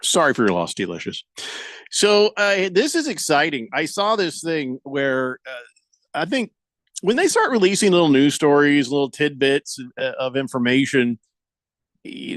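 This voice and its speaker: A man's voice: fairly high pitch, a bit bright, no echo. A man hosting a casual sports radio show, reading listener comments aloud and adding wry asides.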